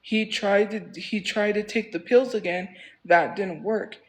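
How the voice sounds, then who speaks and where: High-voiced man rambling on a livestream. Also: fairly even intonation, a little slow, poor audio. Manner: rambling, repeats phrases for emphasis. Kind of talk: casual livestream storytelling.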